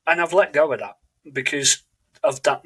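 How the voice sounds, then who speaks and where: Husky-voiced man hosting a podcast. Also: on the high side, expressive, moderate pace, fairly bright tone, poor audio. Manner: earnest, reflective, searches for words. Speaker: podcast host. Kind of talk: casual podcast conversation.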